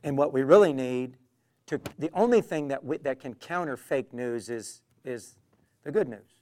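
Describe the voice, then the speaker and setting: A man delivers a preaching testimony with an earnest, animated manner. His voice sits at a middle pitch, and he keeps up lively storytelling as he acts out each exchange. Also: normal speed, slight background noise. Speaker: street preacher. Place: London.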